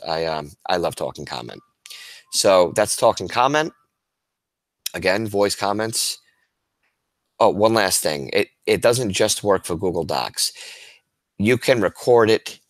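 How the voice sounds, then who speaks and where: A man with a low voice presents to fellow educators in a webinar, walking through tools on screen. He's informal and upbeat, frequently restarting and filling pauses with fillers. The recording is dry.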